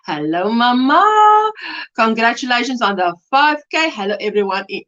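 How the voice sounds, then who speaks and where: Lively woman hosting a livestream. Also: mid-range voice, unhurried, dull audio. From South Africa. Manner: chatty, greets viewers by name, laughs often. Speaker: crochet livestream host. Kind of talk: casual live-stream chat. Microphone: webcam.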